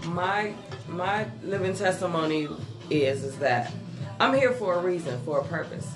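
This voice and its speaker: A woman's voice: fairly low pitch, lively intonation, normal speed. A woman co-hosting a casual faith podcast, talking earnestly and repeating phrases for emphasis. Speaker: podcast co-host. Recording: echoey room, music underneath. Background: music.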